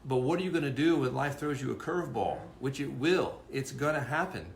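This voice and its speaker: A man's voice: mid-range voice, lively intonation, a little fast, gravelly, echoey room, a little hiss or hum. A man co-hosting a parenting talk, explaining in an earnest, casual way and often restarting his words. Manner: earnest, repeats words while thinking. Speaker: co-host presenting a parenting course.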